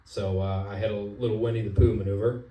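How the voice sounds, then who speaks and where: Young man doing halting deadpan stand-up. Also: lowish voice. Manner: deadpan, halting delivery with many "uh" pauses. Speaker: stand-up comic. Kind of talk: open-mic stand-up storytelling. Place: comedy club stage. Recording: roomy club sound from far off.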